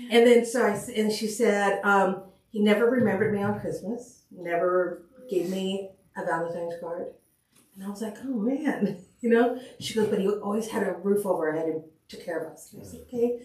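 A woman talks through memorable calls from her paramedic career in a relaxed, storytelling way. She slips into the voices of the people she quotes. Her voice sits at a middle pitch and sounds roomy, picked up from a distance. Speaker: paramedic guest. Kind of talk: casual storytelling on a podcast. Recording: echoey room, mic at a distance.

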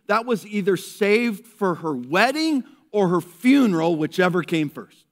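A male pastor preaching a lively sermon to his church, acting out people in a raised voice and dropping to a hushed tone in prayer. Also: high voice, a little slow. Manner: animated, acts out characters in raised voice, drops to hushed prayer. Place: church service.

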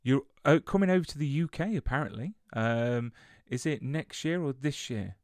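A man's voice: medium pitch, lively intonation, moderate pace, a little mellow, no room sound. Guy hosting a podcast, polite, stumbles a bit, dry close sound. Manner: polite and effusive, stumbling restarts. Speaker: podcast host. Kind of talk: podcast interview.

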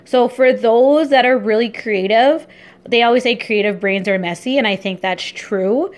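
A young woman vlogger and entrepreneur talking casually in a daily vlog, upbeat, chatty and easily excited. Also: fairly high pitch, normal speed.

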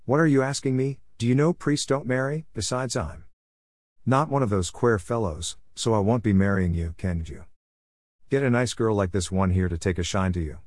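A man's voice: on the low side, normal speed, a little mellow, no echo, studio quality, lightly acted. A man voicing a mischievous, teasing old parish priest in a read-aloud story. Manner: teasing, jokey. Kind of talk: storybook character voice.

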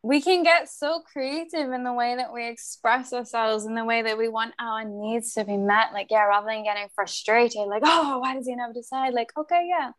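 Brief: woman podcast host, slightly higher voice, gentle and effusive. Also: moderate pace, few pauses. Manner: effusive, soft, affirming. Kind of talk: conversational interview.

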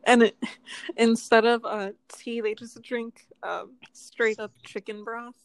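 Woman, podcast co-host, slightly high voice, hesitant, casual chat. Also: flat delivery, slow pace, clear, resonant tone, poor audio. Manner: hesitant, trailing with uh and um.

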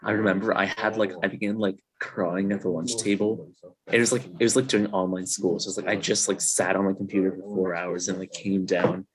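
A young man from Virginia, appearing as a podcast guest over a video call from his dorm room, chats casually and rambles, dropping "like" into nearly every sentence. His voice is deep and a little fast, with a crowd audible behind him.

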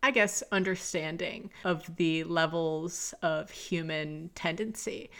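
Low, gravelly-voiced woman podcaster. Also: slow, a bit bright. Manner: conversational, full of fillers like "like" and "you know"; candid, confessional storytelling. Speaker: podcast host. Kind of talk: casual solo podcast monologue.

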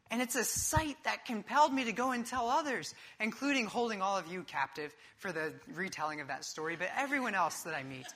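This is a young man delivering a sermon, with a high, bright voice that carries sharply. He tells his story vividly and animatedly, and he moves easily between humour and earnest preaching.

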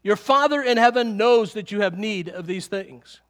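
A middle-aged man preaching a sermon to a congregation, lively and animated, often chuckling. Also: high voice, normal speed. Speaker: pastor.

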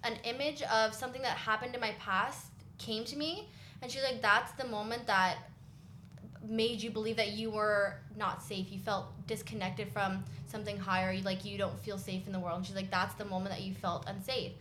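A woman's voice: mid-range voice, normal speed. A woman in casual chat, animatedly telling a personal story and quoting the people in it. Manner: animated storyteller who quotes others. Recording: roomy echo with light noise.

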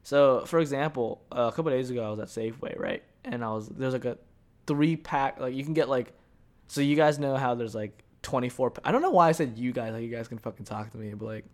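A young man talks alone into his podcast mic, meandering from story to story. He swears freely and jokes at his own expense, with a voice of ordinary pitch for a man. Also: brisk. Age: young adult. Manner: rambling, profane, joking storytelling. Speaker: podcast host. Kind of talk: casual solo podcast monologue.

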